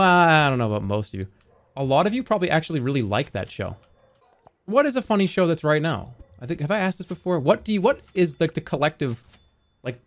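A man livestreaming who chats casually and sarcastically, talking straight to his viewers. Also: mid-range voice. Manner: sarcastic, joking, talks straight to the chat.

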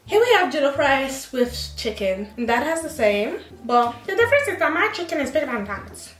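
A young woman voicing a prim, fussy elderly grandmother with drawn-out, proper speech, in a prank vlog. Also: sits high, sing-song, a bit bright, faint music behind. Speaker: family vlogger. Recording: echoey room.

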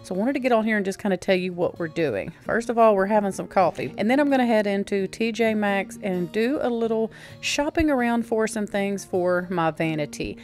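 A woman's voice: mid-range voice, lively intonation, fairly quick, few pauses, a little mellow, faint music behind. A woman, chatting casually as a vlog host, friendly and rambling, laughing now and then. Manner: friendly, rambling, uses y'all, laughs often. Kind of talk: casual chatty voiceover and haul talk. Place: home.

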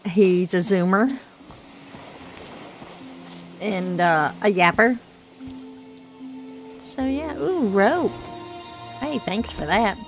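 A woman in her thirties with a Southern US accent, chatting casually through gameplay, her voice rough from congested sinuses. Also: medium pitch, drawn-out words, pauses often, faint music behind. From Southern United States. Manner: chatty, rambling, self-deprecating with fillers. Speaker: gaming channel host.

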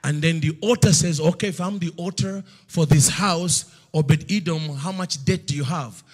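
Husky, animated man preaching a story. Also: on the high side. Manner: storytelling, acts out God's voice in loud slow bursts; drops to hushed near-whisper for drama. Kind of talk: sermon.

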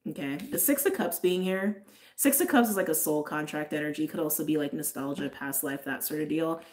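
Low-voiced and fairly quick, her tone a little mellow, a woman reads tarot for her audience. She keeps it chatty and casual, says "like" often, and laughs frequently while addressing viewers directly.

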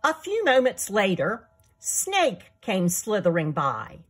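Author reading her kids' book aloud: slow, animated, breathy woman. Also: mid-range voice. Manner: slow, expressive storytelling. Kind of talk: storybook read-aloud for young children.

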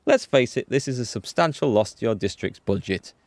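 A man voicing a calm, tactful male police lieutenant in a measured, patient, polite way. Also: mid-range voice, no echo, lightly acted.

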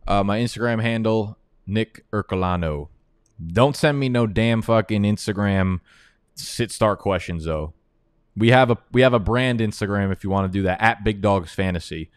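A man's voice: lowish voice, normal speed, clean tone, dry recording, clean studio sound. A young man giving casual, profane, trash-talking commentary on a live stream. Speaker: fantasy football analyst.

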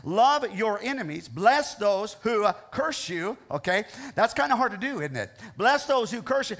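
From the pulpit of a church sanctuary, a pastor with an Ohio, Midwestern American accent delivers an earnest sermon, repeating lines for emphasis and often asking "okay?" to check in with listeners. His voice is notably high for a man and a bit bright, with lively intonation. He keeps a moderate pace with few pauses.

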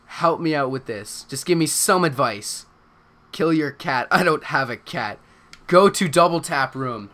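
A young male streamer talks through a zombie game in a bright, lively voice that jumps all over his range. He swears constantly and slides from slow, unhurried chatter into panicked yelling. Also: fairly high pitch. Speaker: gaming streamer. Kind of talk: live gameplay commentary.

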